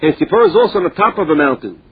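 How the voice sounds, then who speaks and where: Male Talmud teacher, reads then translates phrase by phrase, high husky voice, muffled lo-fi recording. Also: expressive, very fast. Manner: reads a phrase then explains it in plain words. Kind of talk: Talmud lesson, reading and translating. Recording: dull lo-fi recording.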